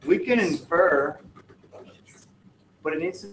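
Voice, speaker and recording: A man's voice: on the high side, lively intonation, takes it slowly, noisy background. A male teacher reading student work aloud to his class and giving feedback, with joking, wry asides. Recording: echoey classroom, distant mic.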